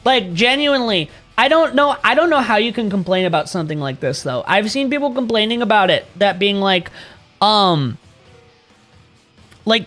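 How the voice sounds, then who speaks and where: A man's voice: high-pitched, animated, moderate pace, sharp tone, soft background music. A man streaming and chatting casually with viewers, rambling, swearing freely and laughing often.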